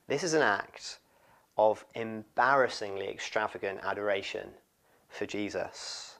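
A man preaching a sermon, expressive and lively, often acting out what people in the story say. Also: fairly low pitch, measured pace. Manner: expressive, acts out quoted voices.

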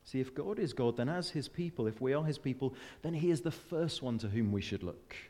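A man preaching a sermon in an earnest manner, slowing down for weighty scripture readings and breaking into chatty, self-deprecating asides. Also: mid-range voice, animated, dark tone, in a large hall. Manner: earnest, with rising emphatic peaks and slowed, weighty readings.

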